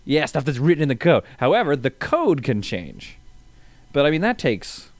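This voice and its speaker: A young man co-hosting a casual podcast, explaining things with wry jokes and quick asides. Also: fairly high pitch, wildly swooping pitch, no echo. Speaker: podcast co-host.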